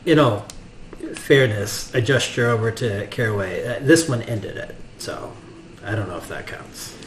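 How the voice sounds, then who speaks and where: A man's voice: lowish voice, unhurried. A man casually playing a tabletop game, thinking aloud as he speaks. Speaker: player. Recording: roomy room with faint noise.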